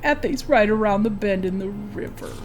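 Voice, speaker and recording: A woman voicing a drunken, grumbling male elf boat captain who talks slowly and slurs. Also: medium pitch, a little mellow, a little hiss or hum, close to an everyday voice. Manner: slurred, slow and exasperated.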